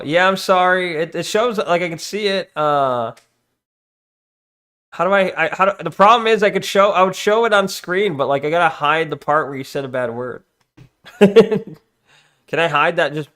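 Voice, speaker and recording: A male streamer with a slightly high voice talks casually as he goes through chat. He breaks off often, restarts sentences and keeps telling viewers to hold on. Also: moderate pace, sharp tone. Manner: distracted, reads chat aloud, many restarts and "hold on"s.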